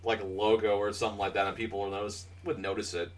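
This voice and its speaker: A man's voice: on the low side, little pitch movement, quick pace. A man co-hosting a podcast, rambling through stories with lots of laughter, fillers and swearing. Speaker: podcast co-host. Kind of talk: casual podcast banter. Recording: distant from the mic.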